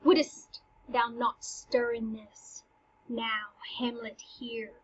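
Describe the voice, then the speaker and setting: The ghost of a murdered king, grave and set on revenge, as a woman reads him aloud speaking verse in slow, solemn measures. The voice sits high and a little husky. The recording is dull and lo-fi. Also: level tone, exaggerated voice.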